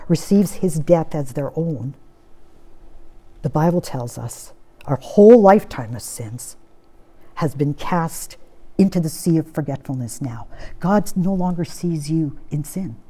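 A woman preaching a sermon, swinging between urgent, rising appeals and hushed, solemn passages. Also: deep voice.

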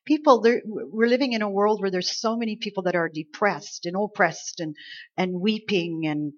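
A woman preaching a conversational Easter sermon, acting out quoted lines with lively emphasis. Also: mid-range voice. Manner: conversational, animated, acts out angels' lines. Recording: slightly dull lo-fi sound.

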